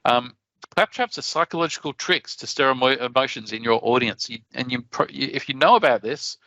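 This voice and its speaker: An Australian man giving a conference talk in a chatty, animated way, often restarting his sentences. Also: mid-range voice, a little fast, no echo, highs cut off. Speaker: conference presenter.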